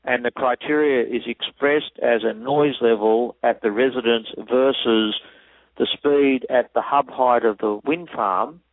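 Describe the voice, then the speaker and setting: A man explains technical measurements in a methodical, measured way. His voice sits at an ordinary pitch. It comes through dry and thin, like a tinny phone line. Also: dry recording. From Australia. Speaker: acoustic engineer guest.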